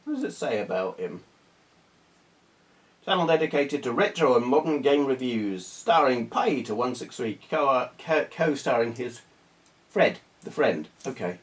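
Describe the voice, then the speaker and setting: A man talks casually to his camera about retro games. He rambles, restarts his sentences and mocks himself, and his pitch sits in the middle. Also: very animated, measured pace. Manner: rambling, full of restarts and self-deprecating asides. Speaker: retro gaming YouTuber. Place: small hot room under bright video lights.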